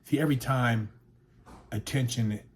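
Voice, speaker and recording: A man's voice: unhurried, a little hiss or hum. A man who hosts a motivational channel, ranting in a casual monologue, blunt and profane, repeating words as he gets worked up. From United States. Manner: blunt, swears freely, repeats words when heated; voice climbs in pitch and loudness when worked up.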